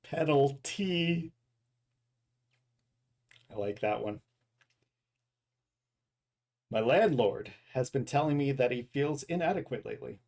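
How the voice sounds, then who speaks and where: Gravelly guy streaming a game, reads dad jokes to chat, keeps fixing how he said stuff. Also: medium pitch, dark tone. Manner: rambling, self-correcting, chuckles at own jokes. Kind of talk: casual live stream chat.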